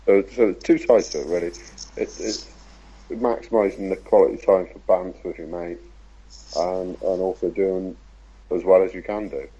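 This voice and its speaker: Deep, husky laid-back man. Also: fairly even intonation, mellow, dull audio. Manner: laid-back, measured, hesitant fillers. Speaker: podcast guest, RC car racer. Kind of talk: casual podcast conversation.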